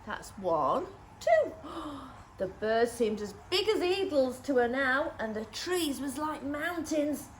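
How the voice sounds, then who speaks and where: A woman's voice: high voice, big pitch swings, takes it slowly, a little hiss or hum, low-quality recording. A woman, a nursery teacher, reading a storybook aloud to young children, with lots of gasps and questions to the little ones.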